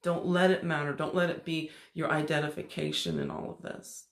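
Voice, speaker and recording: Gravelly, enthusiastic spiritual teaching man. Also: a little high, fairly even intonation, normal speed, reverberant. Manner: enthusiastic, preachy, acts out inner voices. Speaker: spiritual channel host.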